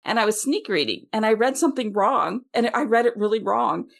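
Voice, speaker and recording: A woman co-hosting a casual podcast, talking in an animated, chatty way with lots of asides. Her voice sits a little high and has a gravelly fry to it. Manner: chatty, animated storyteller with laughs and quick asides. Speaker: podcast co-host. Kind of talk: casual chat.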